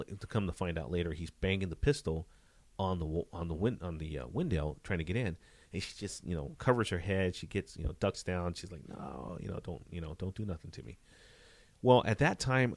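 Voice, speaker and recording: A man, a police detective, telling a story in a casual interview, animated and full of "you know" fillers. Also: low-pitched, no room sound.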